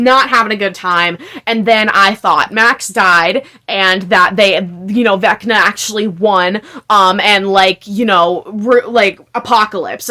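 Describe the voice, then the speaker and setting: Bright-voiced young woman ranting. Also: mid-range voice. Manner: frustrated, swearing, many fillers. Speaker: video creator. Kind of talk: ranting vlog review.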